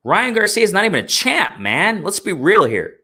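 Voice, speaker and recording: A man's voice: high voice, wildly swooping pitch, normal speed, sharp tone, slightly rough. Man ranting heatedly on a live stream. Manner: heated, repetitive, slangy, talks to chat. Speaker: boxing talk show host. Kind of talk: live-stream commentary and rant.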